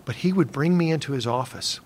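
An older man with a gravelly voice, telling stories from his engineering career in a relaxed interview. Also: mid-range voice, brisk, slight background noise. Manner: relaxed anecdotal telling with soft laughs. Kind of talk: reflective storytelling interview.

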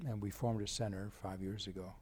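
A man's voice: lowish voice, little pitch movement, fairly quick, a little mellow, slight background noise. An older man in an interview, explaining his research center in a reflective way, often restarting his sentences. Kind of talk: interview conversation.

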